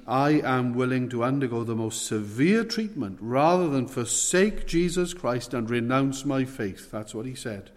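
A man preaching a sermon, earnest, stressing words slowly and asking rhetorical questions. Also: medium pitch. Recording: long hall reverb.

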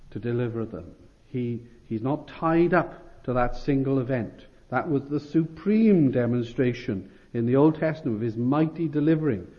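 A man's voice: mid-range voice, dull audio. A man preaching an expository sermon, earnest and emphatic, often repeating phrases and restarting lines.

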